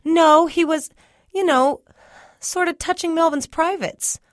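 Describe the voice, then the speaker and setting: A woman's voice: very high voice, measured pace, dry recording, studio quality, pitched above the performer's own voice. A woman voicing a frightened, earnest young child who is trying to catch their breath. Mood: scared, pleading.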